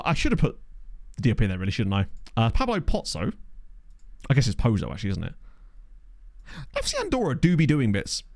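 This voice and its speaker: A man's voice: mid-range voice, darkish tone, no room sound, studio quality. A man casually commentating his own game session, chatty and thinking aloud, with jokey asides, on a desk microphone at home. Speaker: gaming YouTuber. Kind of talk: casual let's play commentary.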